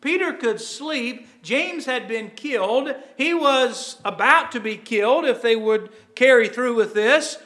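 Middle-aged male pastor, bright, high voice, earnest sermon delivery with frequent restarts. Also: expressive, measured pace, hardly any pauses.

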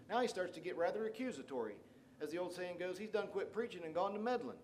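A man's voice: high voice, expressive, fast. A man preaching a sermon, reading scripture aloud and paraphrasing it with rising emphasis. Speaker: pastor.

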